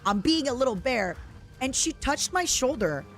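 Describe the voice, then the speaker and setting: A woman streamer chatting casually while she plays, excitable and giggly, breaking into squeals. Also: sits high, normal speed, soft background music. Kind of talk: casual live-stream chat while gaming.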